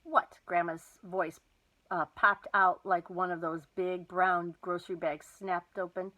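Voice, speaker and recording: A woman reading a children's novel aloud, with lively, expressive storytelling. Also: on the low side, a little slow, narrow, tinny audio. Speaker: storybook reader.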